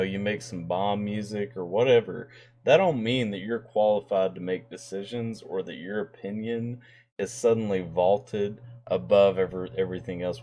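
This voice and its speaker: A man's voice: lowish voice, a little mellow, slight background noise. A man hosting a reaction video, giving earnest, opinionated commentary that rambles with restarts. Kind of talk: casual commentary.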